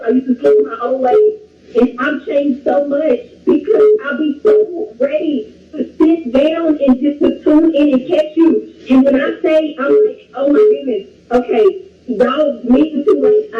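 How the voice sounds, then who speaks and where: A woman in her thirties calls in from her parked car and speaks effusively and emotionally. Her voice sits very high. She sounds distant and roomy over a dull, lo-fi phone line. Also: normal speed, a little hiss or hum. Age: 30s. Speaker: caller. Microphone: phone call.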